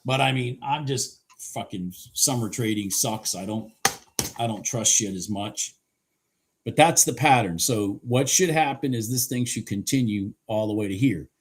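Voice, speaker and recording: Hoarse and frequently clearing his throat, a man narrates his day trading live in a medium-pitched voice. He roots for the chart as it moves and swears in an offhand way.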